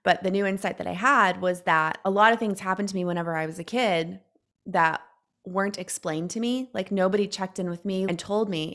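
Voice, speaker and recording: A woman's voice: medium pitch, steady tone, a little fast, a bit bright. A woman in her late thirties telling a personal story in a casual, reflective way, often filling her sentences with "like.". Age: late 30s. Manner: chatty, reflective, frequent "like" fillers. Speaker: guest sharing a personal story.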